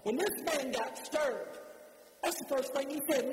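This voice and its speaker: A man preaching in a church sanctuary. His voice sits very high for a man. It carries a long, roomy reverb from the hall as he rises to shouts and then drops to a hush. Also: a little slow, a little hiss or hum. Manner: impassioned preaching, rising to shouts, dropping to soft emphasis. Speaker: pastor. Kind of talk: sermon.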